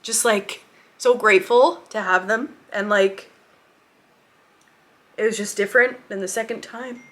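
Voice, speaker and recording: A woman's voice: medium pitch, steady tone, measured pace, fairly bright tone. A young woman telling a personal story in a casual, emotional way, with many "like"s. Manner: casual, emotional, says "like" often. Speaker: vlogger.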